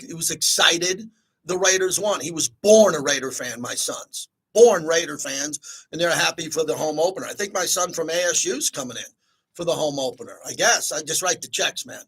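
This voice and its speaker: A man's voice: fairly high pitch, fairly bright tone, breathy edge, poor audio. A middle-aged man hosting a sports talk radio show, chatty and upbeat, thanking callers and reading sponsor spots.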